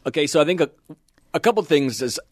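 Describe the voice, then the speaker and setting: A man's voice: a little high, fast, dry recording. Wry radio-voiced man, dry mic. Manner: relaxed, wry, radio-trained delivery. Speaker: podcast guest. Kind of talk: casual chat. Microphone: studio microphone.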